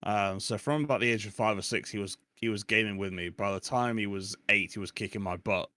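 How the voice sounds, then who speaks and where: A man's voice: fairly low pitch, a little fast, pushed and bright, no room sound, studio quality. A man in his forties, chatting casually and laughing often as a podcast guest. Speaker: guest streamer.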